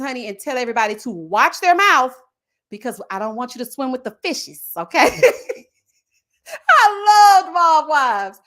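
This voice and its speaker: A woman in her thirties hosting a live stream, chatting in a casual, animated, slangy way and telling stories. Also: a little high. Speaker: YouTube host.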